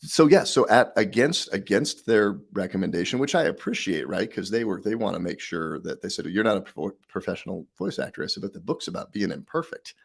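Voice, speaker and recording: Guest: middle-aged man, low husky voice, lively storyteller. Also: brisk, hardly any pauses. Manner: animated storyteller, acts out quotes. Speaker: podcast guest, author. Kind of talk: casual interview chat.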